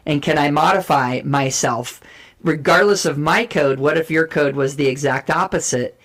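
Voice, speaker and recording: A woman guest giving an energetic, persuasive talk on communication styles and acting out short role plays to make her points. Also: deep voice, moderate pace. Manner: energetic, persuasive, emphatic teaching. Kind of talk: animated explanatory talk with role play.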